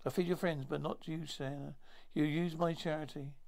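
A man's voice: on the high side, steady tone, normal speed, gravelly, darkish tone. A man voicing a stern male alien marshal holding a grudge, speaking in a cold, curt way.

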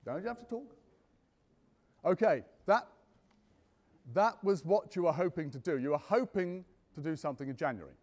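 A conference host with a fairly high voice speaks at a moderate pace, leaving long pauses, his words echoing around a big hall. He keeps things lively and jokey, chatting and testing the crowd with questions.

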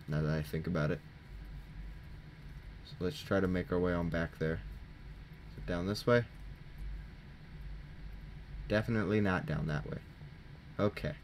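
Low-voiced teen guy rambling jokey commentary while he plays, desk mic, bit of hiss. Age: teens. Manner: chatty, jokey, self-mocking, thinking aloud. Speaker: gaming channel host. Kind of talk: casual let's-play commentary. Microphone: desk microphone.

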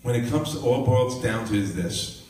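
A male minister preaching a live sermon and telling a personal story with lively, animated delivery. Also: medium pitch, normal speed. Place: live church gathering. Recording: echoey room, mic at a distance, faint noise.

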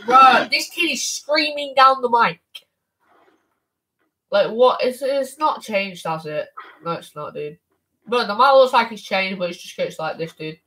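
A woman streaming a video game in casual, slangy commentary, excitable and exclaiming, at times shouting. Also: on the high side, measured pace, poor audio. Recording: steady background noise with clicks.

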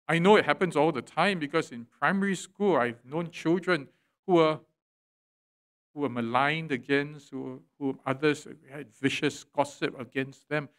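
Preaching pastor, slightly high voice. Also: male voice. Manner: preaching with dramatic swells and drops in volume. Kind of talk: sermon. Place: church sanctuary.

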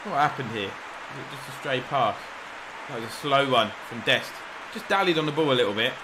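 A young gaming YouTuber speaks a little fast at medium pitch, giving rambling, excited live commentary on a football video game. He shouts encouragement to the players and makes self-deprecating jokes against a noisy background.

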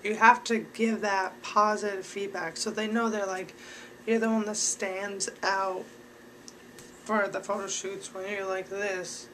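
A young man talks at an unhurried pace with a bright, sharp tone. He rambles through a casual advice vlog, leaning on "um" and "you know" as he speaks straight to his viewers. There is a faint hum of background ambience behind him. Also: high voice, flat delivery, rough recording. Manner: rambling, filler-heavy, talks to viewers directly. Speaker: vlogger giving advice.

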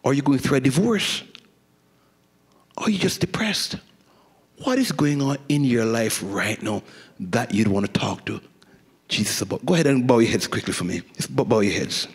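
A middle-aged man preaching a sermon as a guest preacher, swinging from animated storytelling to hushed intensity. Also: medium pitch, moderate pace, long pauses, slightly rough. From Jamaica. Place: church sanctuary. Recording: echoey church hall.

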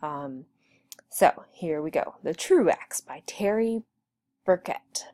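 A woman teacher reading a rhyming picture book aloud, with a slow storyteller cadence. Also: low voice, animated, mellow.

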